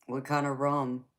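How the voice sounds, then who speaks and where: Slow-talking woman chatting with viewers. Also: very deep voice. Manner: chatty and teasing, calls viewers honey and baby, laughs often. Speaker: tarot reader and live-stream host. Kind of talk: casual live-stream chat answering viewer comments.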